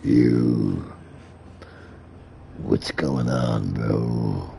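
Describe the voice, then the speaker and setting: A man putting on the voice of a menacing male demon, speaking slowly and ominously. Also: rumbling low, vocal fry, warm tone, slight background noise, pitched below the performer's own voice, full character voice. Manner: slow, drawn-out, ominous delivery.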